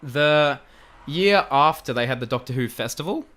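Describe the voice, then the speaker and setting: Excitable young Australian man, bright voice. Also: on the high side, normal speed. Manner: excitable, laughs often, repeats phrases. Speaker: guest, fan video creator. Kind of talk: casual storytelling in a podcast chat.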